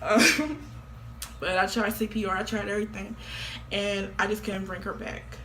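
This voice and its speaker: A woman's voice: medium pitch, moderate pace, very noisy. A woman in her late teens talking casually to camera, blunt and offhand. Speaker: vlogger.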